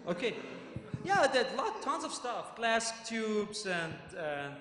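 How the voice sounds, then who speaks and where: A man narrating as game master of a tabletop game, animated and groping for words. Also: sits high, slow pace. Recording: echoey room, loud music.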